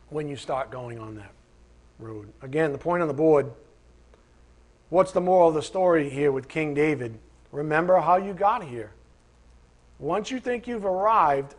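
Man, sermon, conversational and emphatic, somewhat high voice. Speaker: preacher.

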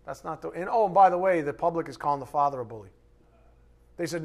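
A man preaching a sermon, asking his congregation rhetorical questions and swinging between loud emphatic bursts and quiet asides. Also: a little high, lively intonation, quick pace, vocal fry. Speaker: pastor.

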